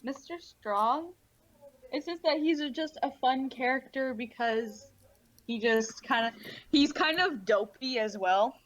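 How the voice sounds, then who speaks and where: A woman co-hosting a casual chat, talking with quick chatty asides. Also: high-pitched. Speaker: podcast co-host. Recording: dull lo-fi mic.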